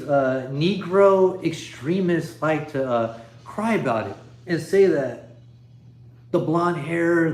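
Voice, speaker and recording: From his living room, a man hosts a casual livestream, speaking off the cuff into an iPhone and chuckling as he reads comments. His voice is on the high side with a darkish tone, and the space sounds reverberant.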